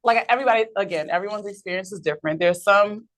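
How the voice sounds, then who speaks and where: Fast-talking New woman chatting. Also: mid-range voice, a bit bright. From New York. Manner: chatty, candid, laughs easily. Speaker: podcast guest. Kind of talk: casual chat.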